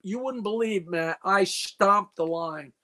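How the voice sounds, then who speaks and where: A man's voice: high-pitched, slow pace, sharp tone. An older man in his seventies from New York, a comedian guest in a casual call-in chat, rattling off dirty jokes and stories.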